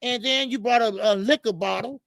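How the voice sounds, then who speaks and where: A man hosting a live boxing talk stream, ranting in a profane, animated way and often repeating himself. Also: very high-pitched, moderate pace, creaky, no room sound. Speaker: boxing show host.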